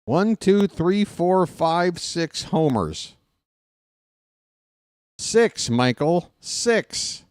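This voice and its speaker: A man calling a game as a live fan play-by-play host in a casual, jokey way, jumping from shouted calls to mutters. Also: on the high side, very animated, very slow, pauses often, clean tone, no echo, clean studio sound.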